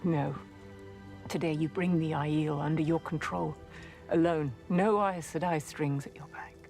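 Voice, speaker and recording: An actress playing a composed female sorceress mentor who speaks in measured, clipped, frank lines over faint score. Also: low-pitched, fairly even intonation, vocal fry, a little mellow, soft background music. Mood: resolute.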